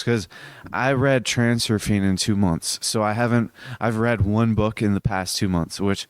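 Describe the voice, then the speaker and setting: A sleepy young man talks through a solo podcast, his voice low and smooth. He rambles with a lot of fillers and restarts, and it sounds close and dry with no room around it. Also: no echo. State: sleepy, yawning. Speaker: podcast host. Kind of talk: casual solo podcast monologue.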